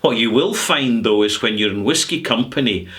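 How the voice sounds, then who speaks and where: A middle-aged Scottish man holds forth in a chatty, sarcastic vlog rant. He draws out his words for emphasis. His tone is bright and forward. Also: mid-range voice, lively intonation, normal speed. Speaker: whisky vlogger. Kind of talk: casual rant to camera.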